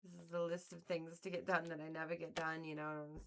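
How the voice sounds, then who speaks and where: A woman's voice: sits low, flat delivery, a little fast, a little hiss or hum. A woman hosting a casual livestream, talking playfully and theatrically to her chat, with frequent laughs, mock outrage and sudden whispers. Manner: laughs often between lines. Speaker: livestream host.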